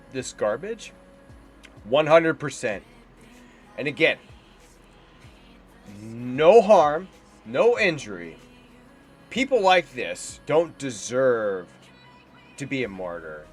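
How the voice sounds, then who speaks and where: A man rants in scornful reaction commentary, his pitch swinging widely from line to line. Faint music plays underneath. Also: a bit bright. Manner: indignant, heated and scornful, ranting. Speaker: political commentator.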